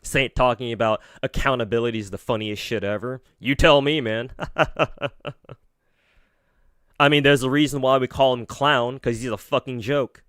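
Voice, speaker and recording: A man's voice: medium pitch, steady tone, moderate pace, fairly bright tone, clean tone, no room sound, studio quality. A man streaming, reacting to a video with mocking, profane, sarcastic commentary.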